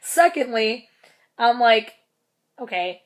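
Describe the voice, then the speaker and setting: A woman's voice: a little high, animated, takes it slowly. Chatty young woman swearing through a story. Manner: chatty, swears a lot, laughs often, acts out quotes. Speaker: concert fan telling a story. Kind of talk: casual storytelling vlog.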